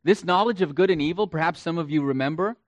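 A male pastor delivers a sermon in a slightly higher-than-usual voice. He is emphatic and repeats key phrases to drive them home. The sound is dry and close. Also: fast, no echo. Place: church.

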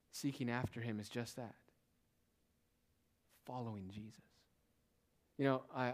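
A male pastor preaching a sermon in a church, swinging between quiet, hushed lines and raised, emphatic ones. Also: medium pitch.

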